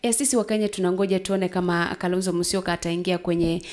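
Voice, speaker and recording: A woman co-hosting a political talk show, asking quick questions and switching between Swahili and English. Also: lowish voice, steady tone, a little mellow.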